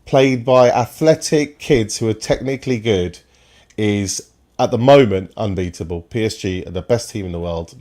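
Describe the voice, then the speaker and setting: A man's voice: on the low side, warm tone. A man hosting a football stream, giving opinionated, enthusiastic commentary that rambles at times. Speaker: football podcast host.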